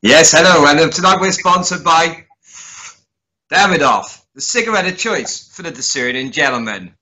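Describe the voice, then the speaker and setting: A man co-hosting a casual podcast, making dry deadpan jokes with hesitant ums. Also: a little high, moderate pace, a little hiss or hum. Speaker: co-host. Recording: slightly dull lo-fi sound.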